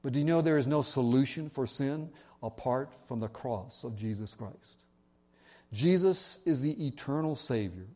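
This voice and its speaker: A pastor preaching a sermon earnestly, slowing down when he reads scripture aloud and making self-deprecating asides. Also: mid-range voice, mellow.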